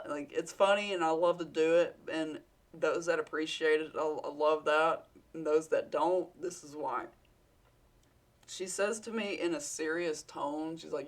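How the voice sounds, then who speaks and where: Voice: mid-range voice, steady tone, measured pace. A vlogger with a Southern US accent, telling a work story in a rambling, candid way with casual swearing.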